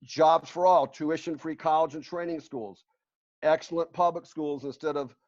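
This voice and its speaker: Man, slightly high voice, earnest panel talk, fillers and restarts, muffled lo-fi sound. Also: fairly even intonation, moderate pace. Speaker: panelist presenting a resolution. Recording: muffled lo-fi audio.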